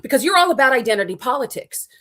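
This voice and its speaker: A woman's voice: high voice, big pitch swings, racing, fairly bright tone. A middle-aged woman co-hosting an opinionated commentary show, sarcastic and mocking. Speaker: co-host.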